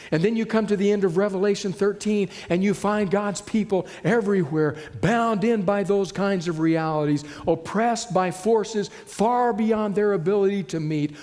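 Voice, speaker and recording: A man preaching a sermon in a storytelling way, often dropping to a hushed voice for emphasis. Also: high-pitched, normal speed, few pauses. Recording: long reverb of a large hall.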